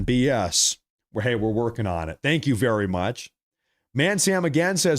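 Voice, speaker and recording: A man's voice: mid-range voice, big pitch swings, normal speed. A man hosting a live stream, reading viewer super chats aloud and teasing viewers in a joking, repetitive way. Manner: joking, teasing, repeats his thank-yous. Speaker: livestream host.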